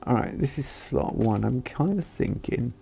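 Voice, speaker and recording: A tired man talks his way through a building game in a gravelly, mellow voice, half muttering to himself. Soft game music plays faintly behind him. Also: mid-range voice, animated, normal speed. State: tired, yawning. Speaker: streamer. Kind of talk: casual gameplay commentary.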